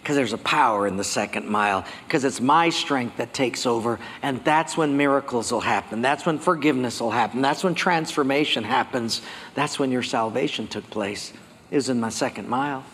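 Animated preacher in a reverberant hall. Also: male voice, mid-range voice, normal speed, slight background noise. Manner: animated storytelling, acting out dialogue. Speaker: pastor. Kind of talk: sermon.

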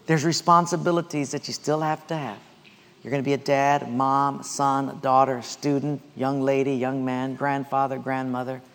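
A man's voice: mid-range voice, flat delivery, normal speed, smooth, in a large hall. A man preaching a sermon, telling stories and asking the congregation questions to answer aloud. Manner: storytelling with call-and-response questions. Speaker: pastor.

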